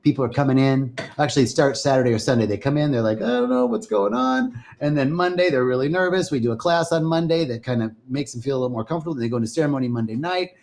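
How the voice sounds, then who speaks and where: A man's voice: medium pitch, fast, hardly any pauses, a little mellow. A man hosting a spiritual live stream, talking casually and enthusiastically to viewers and greeting them by name.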